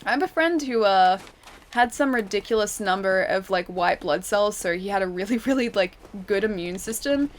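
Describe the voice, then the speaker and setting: A woman's voice: mid-range voice, lively intonation, moderate pace, slight background noise. A young woman with an Australian city accent, chatting casually with her stream chat while playing a game, giggling often. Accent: Australian, city, pronounces final R's.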